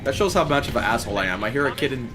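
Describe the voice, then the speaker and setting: A man's voice: mid-range voice, animated, rapid-fire, crowd noise. A man streaming a game live, telling a story in casual, profane chat and laughing as he goes.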